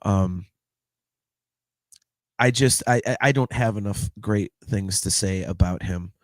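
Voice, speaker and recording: A man in his fifties giving a heartfelt, halting birthday tribute, repeating words and swearing casually. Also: lowish voice, dry recording. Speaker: podcast host.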